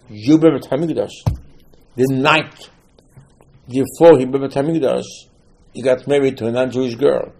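Husky, mellow-voiced male preacher. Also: mid-range voice. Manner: animated storytelling, acting out quotes; emphatic, repeats key words. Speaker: religious teacher. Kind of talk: sermon on scripture.

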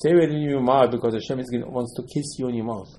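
A man's voice: medium pitch, fairly even intonation, fast talker, a little mellow, a little hiss or hum, poor audio. A man giving an informal Torah lesson as a rabbi, speaking non-standard English, repeating himself and firing rhetorical questions.

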